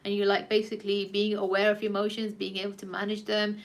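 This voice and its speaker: A woman's voice: mid-range voice, completely flat delivery, fast talker. A woman who works as a personal trainer and life coach, talking casually to camera in a chatty, frank way with some swearing, rambling as she acts out little conversations.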